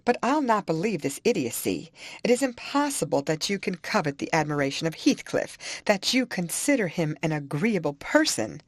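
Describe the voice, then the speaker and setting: A woman narrator puts on a proud young mistress of the house, scornful and emphatic. Her voice stays low-set but rises and falls a great deal, and the recording is close and dry. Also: sing-song, normal speed, no echo. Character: proud, sharp-tongued young lady of the house.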